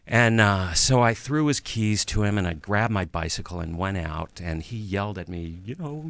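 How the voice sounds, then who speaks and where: A man around fifty, a guest in an interview, telling a personal story in a halting way, with pauses and restarts, and audibly emotional. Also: fairly low pitch, animated, fairly bright tone. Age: about 50.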